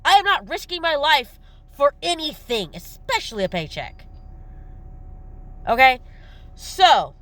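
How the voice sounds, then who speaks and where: A woman's voice: sits high, big pitch swings, a little slow, pauses often, a bit bright, no room sound. A woman vlogger ranting to her viewers, riled up, irritated and blunt, repeating her jeers. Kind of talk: ranting monologue to camera.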